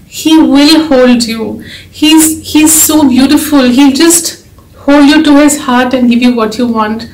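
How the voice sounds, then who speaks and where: A woman's voice: high-pitched, slow, a little mellow. A woman giving an earnest, emotional devotional talk, urging her listeners to keep faith. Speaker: devotional speaker and author. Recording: echoey room.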